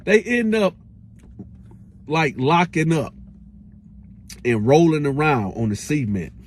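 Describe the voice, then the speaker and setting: A man's voice: fairly high pitch, lively intonation, slow pace, slight background noise. A man telling a casual storytime tale in slangy speech, acting out the quotes and making sound effects with his voice.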